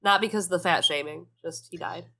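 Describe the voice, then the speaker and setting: A woman co-hosting a podcast in casual chat, with a lowish voice that still sounds bright and forceful. She talks with animated sarcasm and swears freely. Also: brisk, creaky. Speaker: podcast co-host. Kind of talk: casual book discussion chat.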